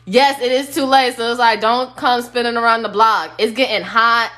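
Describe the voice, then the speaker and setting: A woman's voice: on the high side, fairly even intonation, normal speed, a bit bright. A woman giving a casual, blunt tarot reading on a phone live stream, sometimes singing bits of songs. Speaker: tarot reader.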